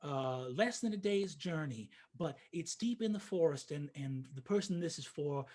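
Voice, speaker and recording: A man's voice: a little high, expressive, normal speed, darkish tone. A man voicing a kind but cagey farmer's wife with a homespun twang. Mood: hospitable.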